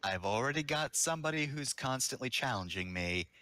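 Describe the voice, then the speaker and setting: Lively dry-toned male player. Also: medium pitch, a little fast, dry recording. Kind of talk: casual tabletop play.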